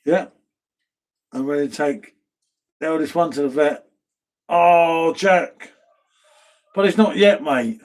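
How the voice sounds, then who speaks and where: Hosting a casual pub live stream, a middle-aged man from England with a southern accent from near London chats in a laid-back way. He reads out viewer comments and says "mate" often, in a fairly high voice that moves slowly with long pauses.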